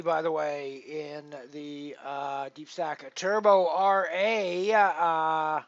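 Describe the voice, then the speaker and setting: A man commentating his poker stream in a casual, rambling way, full of restarts, his loudness rising and falling as he goes. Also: fairly high pitch, steady tone, drawn-out words, no room sound, highs cut off. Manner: rambling, with many restarts and big swings in loudness. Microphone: headset.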